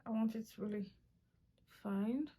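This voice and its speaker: Young woman doing a makeup tutorial, kinda high voice, chatty and playful, gets loud and excited a lot. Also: a little slow, slightly rough. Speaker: beauty vlogger.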